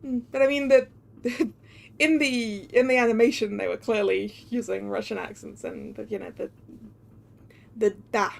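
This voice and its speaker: A woman's voice: fairly high pitch, steady tone, unhurried, vocal fry, a little hiss or hum. A woman streamer chatting casually over a video game, self-deprecating and laughing easily.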